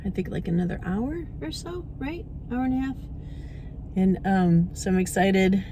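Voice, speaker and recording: A woman's voice: medium pitch, animated, normal speed, warm tone, slight background noise. A middle-aged woman chatting casually to the camera as a vlogger, cooing at her dog in baby talk. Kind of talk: casual vlog chat.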